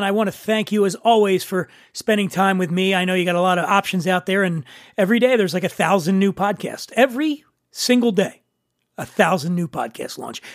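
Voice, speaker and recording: A man's voice: high voice, dry recording, clean studio sound. A man hosting a podcast, teasing and joking with his guest. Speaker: podcast host. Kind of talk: casual chat.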